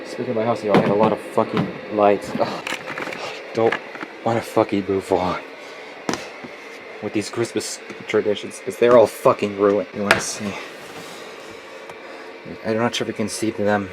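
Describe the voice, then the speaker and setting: A man's voice: fairly low pitch, flat delivery, normal speed, pauses often. Gloomy, complaining young man. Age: 20s. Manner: swears often. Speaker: vlogger. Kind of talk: casual vlog. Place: home closet. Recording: noisy home recording.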